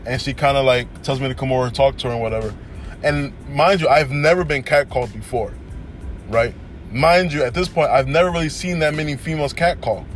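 A young man hosting a casual solo podcast, telling stories in an animated way and often saying "you know what I'm saying". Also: mid-range voice. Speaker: podcast host.

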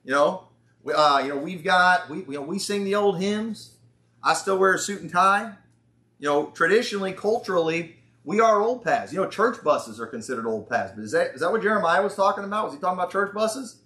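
Folksy Southern preacher in an echoey hall. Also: male voice, sits high, lively intonation, bright, forceful tone. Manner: folksy, sarcastic, drawn-out quotes. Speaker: pastor. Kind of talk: conference sermon. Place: church hall.

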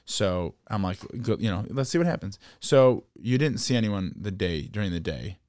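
Low-voiced man telling a rambling story. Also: no echo, studio quality. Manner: animated storyteller, quick restarts and playful bickering. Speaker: podcast co-host. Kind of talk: casual chat.

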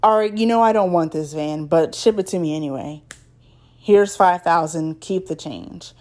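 A woman's voice: fairly low pitch, normal speed, a little mellow, lightly acted. A woman voicing a cool, menacing grown man who hides threats in friendly talk. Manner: smooth, veiled threats, then laughing and friendly.

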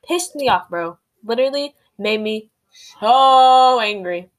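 A woman co-hosting a casual podcast, telling anecdotes in a rambling, animated way full of fillers. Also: a little high, slow. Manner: rambling, animated storytelling with lots of "like". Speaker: podcast co-host.

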